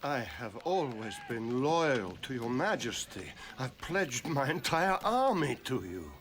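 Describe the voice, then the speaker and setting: A flustered noble lord. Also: male voice, medium pitch, big pitch swings, slow, noisy background. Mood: deferential. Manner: deferential, flustered.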